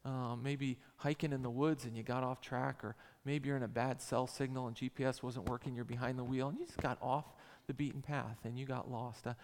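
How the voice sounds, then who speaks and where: A man in his forties preaching a sermon in a church, with an emphatic, repetitive cadence. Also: medium pitch. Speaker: pastor. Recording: long hall reverb.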